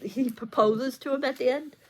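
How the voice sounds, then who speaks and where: A woman's voice: sits high, moderate pace, poor audio. Woman gushing over a book she loved, teary, lots of likes and ums, super casual. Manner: gushing, effusive, many fillers. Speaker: book reviewer. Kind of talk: casual book review chat.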